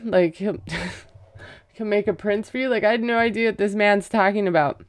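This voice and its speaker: A woman's voice: mid-range voice, moderate pace, clear, resonant tone, no room sound. A woman casually recapping a reality show, chatty and gossipy, acting out quotes and laughing as she goes. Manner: gossipy, retells scenes with quoted voices and laughs.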